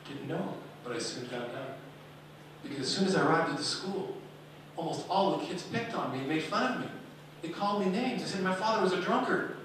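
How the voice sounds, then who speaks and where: Steady, stern woman teacher voiced by a man, low-key and measured, distant in an echoey hall. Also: a little hiss or hum. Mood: storytelling. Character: firm, calm female schoolteacher. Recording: echoey hall, speaker far from mic.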